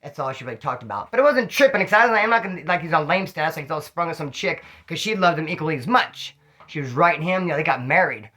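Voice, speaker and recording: A middle-aged man telling rambling, slang-filled prison stories in a casual, animated way, a little tipsy. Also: on the high side, fast talker. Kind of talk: casual storytelling to camera.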